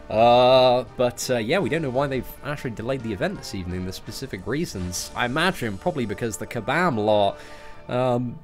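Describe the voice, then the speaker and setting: Chatty young British man streaming. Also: mid-range voice. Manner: chatty, frequent "man" and "you know". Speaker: livestream host. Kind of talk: casual stream chat, answering viewers.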